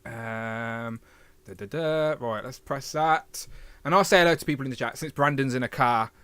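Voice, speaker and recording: A man's voice: mid-range voice, moderate pace, a bit bright, clear, resonant tone, no room sound. A British man hosting a casual live stream, chatty and self-deprecating, rambling as he talks. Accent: British English. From Britain. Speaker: livestream host.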